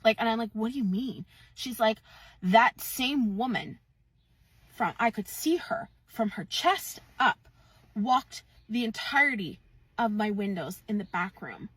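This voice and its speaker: Husky woman telling a spooky story. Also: fairly high pitch, expressive, measured pace, fairly bright tone, dry recording, far from the mic. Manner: earnest, emphatic disbelief. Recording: dry, a bit off-mic.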